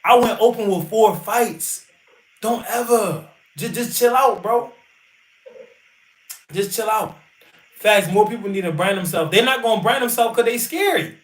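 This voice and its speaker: A boxer hosts a casual livestream, trash-talking bluntly and boastfully with plenty of swearing. His voice is high and measured, broken by frequent pauses, and the sound is roomy.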